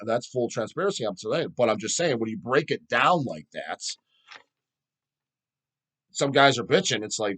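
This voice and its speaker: Profane, animated man hosting a metal channel. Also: medium pitch. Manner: profane, animated, mocks people in put-on voices. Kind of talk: profane casual rant answering viewer questions.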